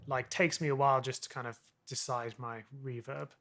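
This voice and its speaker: A man's voice: medium pitch, fairly even intonation, moderate pace, a bit bright. A man chatting casually with a colleague in a studio, rambling with many fillers. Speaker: co-host and fellow composer. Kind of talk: casual working chat. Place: music studio. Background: music playback.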